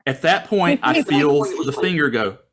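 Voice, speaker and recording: Animated male storyteller on a video call. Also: a little high, measured pace, a loud crowd. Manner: animated, acts out his own thoughts in a raised voice. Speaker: guest storyteller. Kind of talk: casual personal storytelling.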